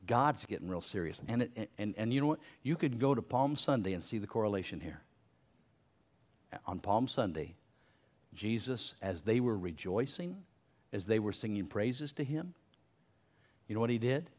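An older man preaching a sermon to his church in a folksy, animated way, full of stammered restarts. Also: on the low side, normal speed. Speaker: pastor. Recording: slightly muffled sermon recording.

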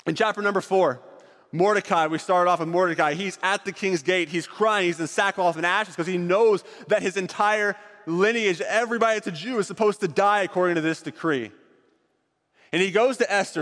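A man's voice: high voice, brisk, fairly bright tone, big-room sound. A man leading a group through an acted-out Bible story, directing volunteers on stage as he narrates.

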